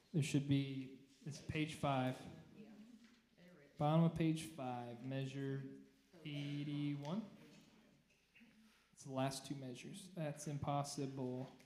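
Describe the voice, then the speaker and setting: The voice is a man's, a bit high for a man, unhurried, as he takes a church choir through its parts. Now and then he breaks into a sung phrase to show how it goes. The room has a strong echo. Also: darkish tone. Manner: talks through notes, sings short phrases to demonstrate. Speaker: choir director. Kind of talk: rehearsal instruction. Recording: echoey room.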